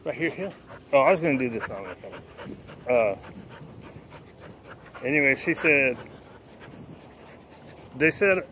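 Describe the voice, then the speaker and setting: A man's voice: mid-range voice, animated, measured pace, pauses often, fairly bright tone, a little hiss or hum. A man vlogging casually while he trains his dogs, telling stories between short, firm commands. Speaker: dog trainer. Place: outdoors with dogs.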